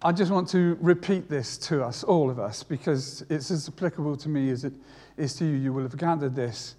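Older man, sermon, earnest, repetitive emphasis, slightly high voice, long hall reverb. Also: a little fast, mellow. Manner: earnest, repeats key phrases for emphasis. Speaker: preacher.

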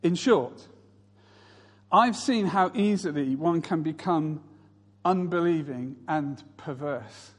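Husky high-voiced preacher in a hall. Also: male voice, slow. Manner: storytelling, mimics others in raised voices. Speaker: pastor. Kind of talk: sermon.

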